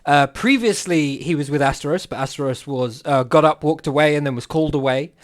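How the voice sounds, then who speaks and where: A man's voice: fairly high pitch, a little fast. A man narrating a tabletop game as game master, often laughing and slipping into character voices.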